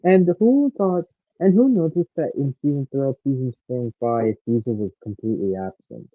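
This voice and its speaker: A man's voice: medium pitch, animated, moderate pace, no echo. A man in casual chat, giving offhand opinions. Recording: dry tinny phone-like line.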